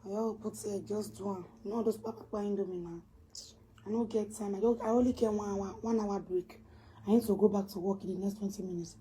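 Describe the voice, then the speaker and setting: A woman vlogger with a Nigerian Pidgin accent, ranting on camera and swinging from low muttering to loud, high scolding. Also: fairly even intonation, fairly quick. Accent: Nigerian Pidgin English. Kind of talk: casual ranting vlog.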